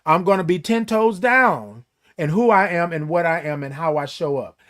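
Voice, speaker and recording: A man's voice: fairly high pitch, expressive, moderate pace, fairly bright tone. A man hosting a casual morning livestream, speaking in an emphatic, preachy way and greeting viewers by name. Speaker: host.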